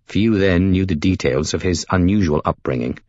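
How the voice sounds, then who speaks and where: A man narrating a novel in a measured, scripted storytelling delivery. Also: low-pitched, darkish tone, dry recording, muffled recording. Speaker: audiobook narrator.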